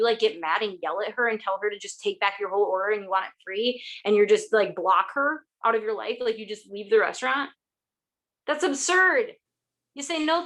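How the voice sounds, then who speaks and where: A young woman telling her team a motivational story about sales, talking quickly with many "like"s and "oh my gosh"es. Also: mid-range voice, fairly bright tone. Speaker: network marketing distributor.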